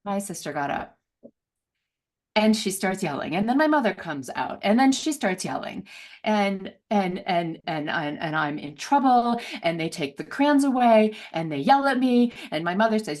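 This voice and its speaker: A middle-aged woman telling a personal story as an interview guest, laughing often and acting out voices with big jumps in pitch. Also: expressive, moderate pace, darkish tone. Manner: laughs often, many fillers.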